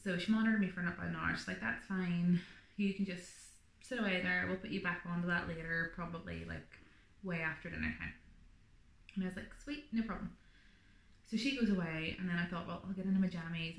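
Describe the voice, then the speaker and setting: A woman's voice: fairly low pitch, fairly even intonation, brisk, a bit bright, roomy sound. A woman vlogger telling her birth story in a chatty, rambling way, full of fillers. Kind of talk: casual birth story vlog.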